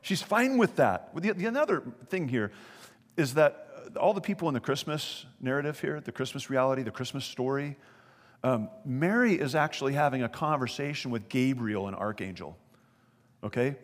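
A man preaching a sermon as pastor, animated and conversational, asking his listeners questions as he goes. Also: mid-range voice, normal speed, big-room sound.

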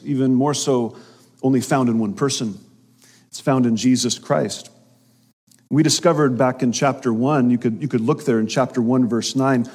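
Guy preaching, husky voice, big echoey church hall, hammers his point with repeats. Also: mid-range voice, a little mellow. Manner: emphatic, repeats phrases for stress. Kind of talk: sermon. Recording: long reverb of a hall.

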